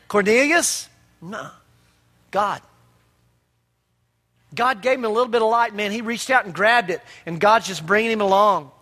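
Male pastor, very high bright voice, chatty sermon with rhetorical questions, long hall echo. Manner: conversational preaching with rhetorical questions.

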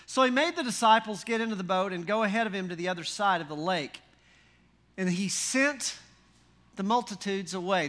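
A male pastor delivers a sermon with a high-pitched voice. His tone is bright and ringing. He keeps things folksy and animated, full of rhetorical questions and dry humor.

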